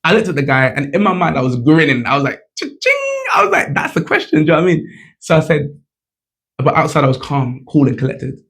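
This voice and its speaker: A man's voice: a little high, fast talker. A man, telling a personal story to camera in a casual, chatty way, full of "like" and "you know". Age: 20s. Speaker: vlogger.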